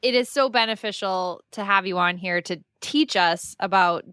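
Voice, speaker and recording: A woman's voice: medium pitch, moderate pace, fairly bright tone, clean tone, dry recording, clean studio sound. A woman podcast host, supportive and effusive, casually swearing as she praises her guest. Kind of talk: casual interview chat.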